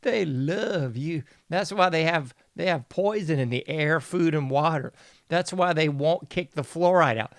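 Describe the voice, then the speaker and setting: A man's voice: fairly high pitch, normal speed, no room sound, studio quality. A man hosting a casual news commentary show, mocking and sarcastic, laughing often. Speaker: podcast host.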